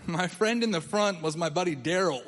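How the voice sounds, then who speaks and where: A young man tells a rambling story on a comedy stage, his voice pitched somewhat high. He is animated and breaks into laughter at his own lines, slipping into voices for other people. The sound rings with a long club reverb. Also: moderate pace, very noisy. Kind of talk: stand-up storytelling.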